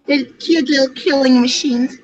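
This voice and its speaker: A woman chats casually on a group video call, showing off things she has found. Her voice is high. The call audio sounds dull and lo-fi. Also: steady tone, moderate pace. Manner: chatty, shows things she finds. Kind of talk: casual chat.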